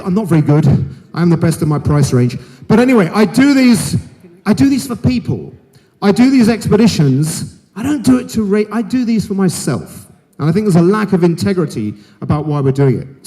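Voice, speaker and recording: Frank, animated man speaking in a hall. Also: high voice. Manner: frank, jokey and emphatic, talks straight to the audience. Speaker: keynote speaker. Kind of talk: conference keynote speech. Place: large conference hall. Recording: hall reverb.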